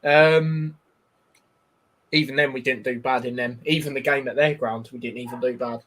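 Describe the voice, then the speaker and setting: Here a man with a steady, medium-pitched, fairly bright voice talks at a moderate pace while hosting a football watchalong live. Between bits of banter, fillers, and rambling, he calls the game in a casual stream.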